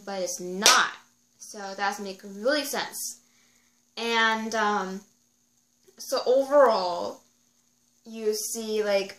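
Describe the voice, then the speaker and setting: Bright-voiced young woman, rambling recap. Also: a little high, roomy sound. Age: young adult. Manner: rambling, excitable, heavy use of 'like' fillers. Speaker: video reviewer. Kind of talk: casual episode recap.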